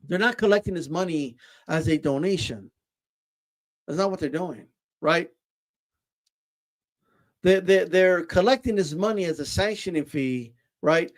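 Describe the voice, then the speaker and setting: A man's voice: high-pitched, animated, normal speed, long pauses. A man hosting casual boxing commentary, ranting with rhetorical questions and repeated words. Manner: ranting, rhetorical "right?" tags, repeats words, says "bro".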